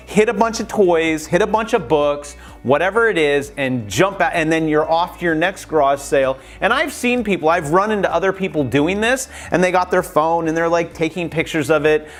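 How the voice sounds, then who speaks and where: A man talking casually in a how-to vlog, chatty and animated, acting out little conversations as he gives tips. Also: high voice. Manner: chatty and animated, acts out quoted exchanges. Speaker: YouTube creator.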